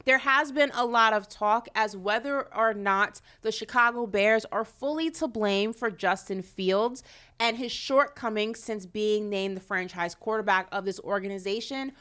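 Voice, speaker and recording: A woman from New York hosting a sports talk show, lively and assertive as she steers the conversation. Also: mid-range voice, measured pace, smooth. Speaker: host. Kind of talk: casual sports talk and scripted segments.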